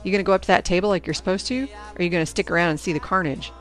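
A woman's voice: on the low side, rapid-fire, fairly bright tone, faint music behind, close to an everyday voice. A woman reader voicing a sassy, teasing teenage girl who is the narrator's best friend. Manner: teasing, breezy. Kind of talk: audiobook character voice.

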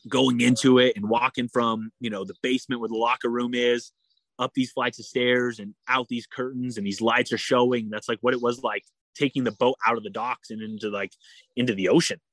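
A man's voice: medium pitch, fairly bright tone, dry recording. A man telling a long personal story in a casual interview, full of fillers and restarts. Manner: rambling, frequent "like" and "you know" fillers. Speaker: endurance athlete guest.

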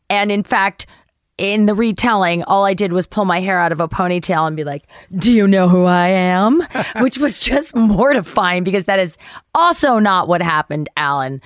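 A woman's voice: medium pitch, no echo. Actress lady telling a story on a podcast, does all the voices, swears a bit, dry close sound. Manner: animated, acts out quoted voices, swears casually. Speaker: guest actress. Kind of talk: storytelling interview chat.

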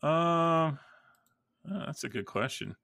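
Gravelly, bright-voiced podcast host. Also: male voice, fairly high pitch, expressive, a little slow, no echo, studio quality. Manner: hesitant, laughing, full of fillers. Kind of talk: casual podcast chat.

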